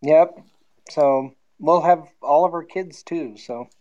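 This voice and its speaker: A woman calling in to a show, chatting in a lively, easygoing way. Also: sits low, takes it slowly, dull audio. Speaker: caller. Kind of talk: casual phone-in chat.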